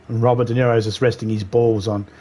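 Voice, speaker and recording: A man's voice: on the low side, little pitch movement, moderate pace, warm tone, a little hiss or hum. A man streaming a video game live, riffing in crude, rambling banter and laughing at his own jokes.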